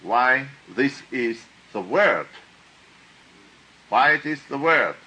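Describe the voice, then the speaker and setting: A man teaching a class in a slow, deliberate lecture, asking question after question and often tagging on "huh?". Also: mid-range voice, animated, pushed and bright, breathy edge, low-quality recording.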